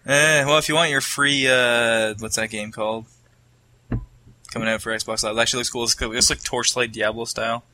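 A man co-hosting a casual gaming podcast, excitable and rambling, swearing freely as he explains things. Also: mid-range voice, moderate pace, slight background noise. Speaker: podcast co-host.

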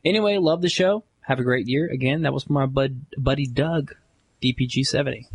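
A man co-hosting a gaming podcast, reading listener emails aloud in a brisk, jokey way. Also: medium pitch, breathy edge. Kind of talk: casual chat and reading aloud.

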